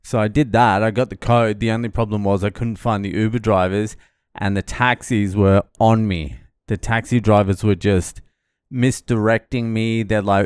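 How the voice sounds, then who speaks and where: A man's voice: lowish voice, normal speed, clean tone, no room sound, clean studio sound. A middle-aged man swearing freely as he recounts a stressful arrival in a casual travel vlog. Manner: swearing, animated storytelling. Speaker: vlogger.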